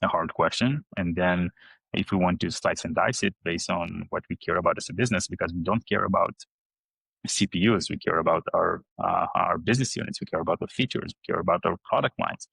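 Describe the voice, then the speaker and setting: Guest CEO, man from Israel: low, gravelly, flat delivery, lots of fillers, dry close sound. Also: no echo, rough recording. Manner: explains slowly with many fillers. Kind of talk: conversational explanation.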